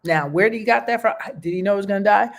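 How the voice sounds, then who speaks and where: A woman's voice: medium pitch, racing. A woman hosting a show, talking in a casual, heartfelt way and often checking in with "okay?" and "you know". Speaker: host.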